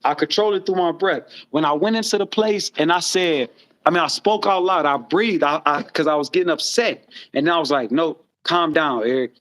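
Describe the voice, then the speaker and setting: A man with a notably high voice rambles through his stories in casual chat. He is animated and swears often, and his phrases keep circling back on themselves. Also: brisk. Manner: rambling, animated storytelling with frequent profanity.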